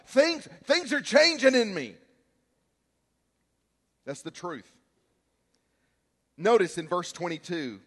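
A man preaching a sermon as a pastor, telling stories and acting out shouts and quotes with lively energy. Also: high voice, in a large hall. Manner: animated, storytelling, acts out shouts and quotes. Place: church sanctuary.

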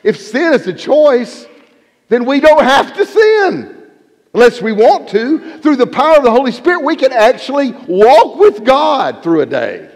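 A man preaches with an emphatic, animated delivery, his fairly high voice rising and falling widely. Reverb trails each phrase as it rings through a large hall. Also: normal speed, creaky. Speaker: pastor. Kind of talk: sermon.

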